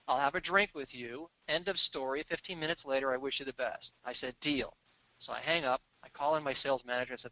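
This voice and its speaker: A man telling a sales anecdote in an animated, conversational way, acting out the people he quotes. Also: medium pitch, no room sound, low-quality recording. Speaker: sales trainer telling a story. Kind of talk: storytelling business talk.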